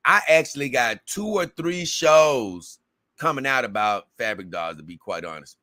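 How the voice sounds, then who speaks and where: In a clean studio recording without echo, a man with a mid-range voice speaks at a moderate pace with lively intonation and a bright, forceful tone. He's casually livestreaming, reading comments from viewers aloud and rambling chattily in slang.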